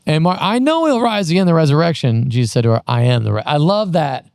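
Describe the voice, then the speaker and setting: A man's voice: fairly high pitch, very animated, fast, vocal fry, darkish tone, smooth, no echo, studio quality. A man co-hosting a casual Bible discussion podcast, enthusiastic and thinking aloud as he talks. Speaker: podcast co-host.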